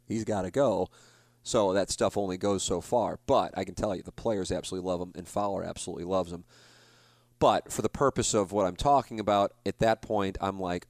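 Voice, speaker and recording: Rambling, low-voiced broadcaster in his forties. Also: a little mellow, no room sound. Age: 40s. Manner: rambling, confessional, self-deprecating, many restarts. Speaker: sports broadcaster. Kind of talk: solo podcast storytelling.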